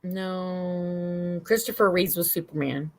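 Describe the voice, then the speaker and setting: A woman's voice: on the low side, fairly even intonation, slow, slight background noise. A woman hosting a casual livestream chat, rambling and bawdy as she talks with friends and the chat. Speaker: stream host.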